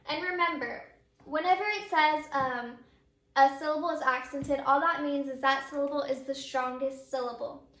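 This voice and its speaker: Bright-voiced, high woman teacher. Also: roomy sound. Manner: patient, repeats and models words slowly. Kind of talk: grammar lesson.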